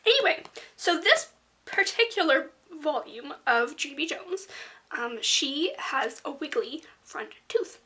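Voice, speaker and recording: A woman chatting casually in a book review vlog, rambling with lots of fillers and slipping into soft, whispery asides. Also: high-pitched, sing-song, a little slow, slight background noise.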